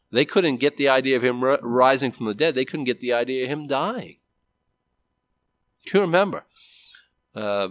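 A man's voice: mid-range voice, a bit bright, no echo. A man preaching a sermon in a conversational way, often asking his listeners questions. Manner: conversational, asks the audience questions. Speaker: pastor.

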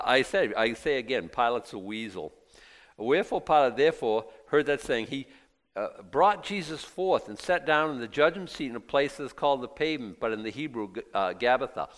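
A man preaching a sermon, reading scripture aloud and breaking into lively acted asides. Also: mid-range voice, in a large hall. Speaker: pastor.

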